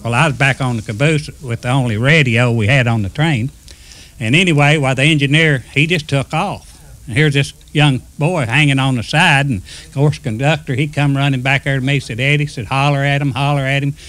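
A man's voice: medium pitch, fairly quick, a bit bright. Folksy man spinning railroad yarns. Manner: folksy yarn-spinner, acts out quoted speech. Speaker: retired railroader telling stories. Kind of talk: casual storytelling.

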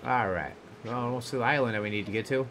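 Over a noisy background, a medium-pitched man streams a video game with running commentary. He's jokey and relaxed one moment, profane and raging at enemies the next.

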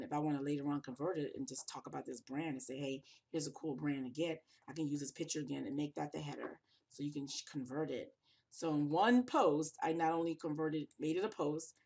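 Exhausted blogger narrating a screen tutorial; raspy, creaky voice, loose and thinking out loud. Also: medium pitch. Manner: rambling, thinking aloud with restarts. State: tired, yawning. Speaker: fashion blogger.

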